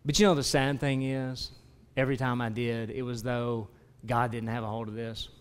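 A man preaching a sermon as pastor, earnest, moving between quiet confession and loud, emphatic preaching. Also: mid-range voice, level tone, moderate pace, smooth. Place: church sanctuary. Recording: long reverb of a church hall.

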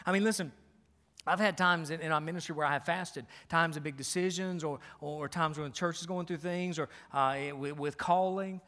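A man's voice: on the high side, fairly even intonation, moderate pace, pushed and bright. A male pastor preaching a sermon in a church, emphatic and repetitive, firing rhetorical questions. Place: church sanctuary. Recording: long hall reverb.

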